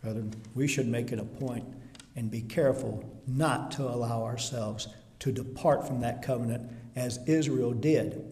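Emphatic male preacher in an echoey hall. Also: medium pitch. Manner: emphatic, builds to louder, slower scripture reading. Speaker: pastor. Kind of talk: sermon. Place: church hall before a seated congregation. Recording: echoey hall with long reverb.

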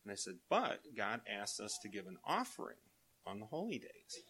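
An older man with grandchildren, preaching a sermon in a folksy way, telling family anecdotes and chuckling as he quotes children softly. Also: on the low side, huge pitch swings, moderate pace.

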